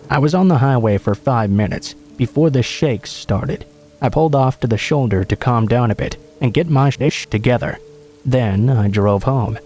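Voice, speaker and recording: Male horror story narrator, mid-range voice, measured dramatic read, faint music underneath. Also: medium pitch, darkish tone. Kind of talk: scripted narration of a true scary story.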